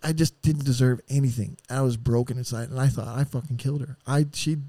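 A man telling his rough story on a podcast, with an average pitch and a bluntly profane, animated way of talking. His voice is close and dry, with no room echo. He jumps into quoted voices as he retells what happened. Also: fairly quick. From San Diego area. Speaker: podcast guest. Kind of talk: candid storytelling.

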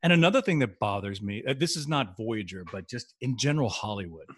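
A man co-hosting a podcast in casual chat, animated and laughing often. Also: on the low side, a little fast, breathy edge. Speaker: podcast co-host.

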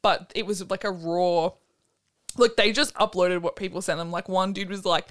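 A woman's voice: on the low side, fairly even intonation, moderate pace, a bit bright. A woman, co-hosting a podcast in a chatty, giggly, rambling way with lots of fillers. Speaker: podcast co-host. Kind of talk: casual chat.

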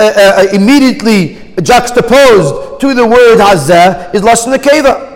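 A man with a high-pitched voice teaches a Torah class, reading Hebrew phrases aloud and then explaining each in English. The recording is low quality, with the sound of a big room.

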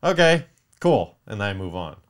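A man with a deep, low-pitched voice tells a long, wandering story in a loose, casual way. He swears freely and drops to a muttered whisper for his curses. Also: very animated, moderate pace. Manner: profane, rambling, with mock-whispered curses.

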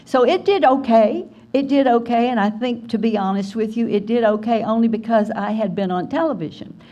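An older woman from Alabama, telling an animated story as a guest speaker at a writers conference. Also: on the high side, fairly quick, dull audio. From Alabama, USA. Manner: animated storyteller, acts out quoted voices. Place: conference hall.

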